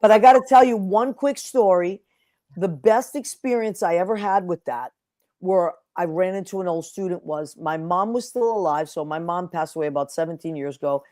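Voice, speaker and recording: A woman's voice: fairly low pitch, moderate pace, warm tone, no room sound. Woman host telling stories, dry sound. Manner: emotional storyteller, acts out quotes. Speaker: podcast host. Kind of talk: casual interview chat.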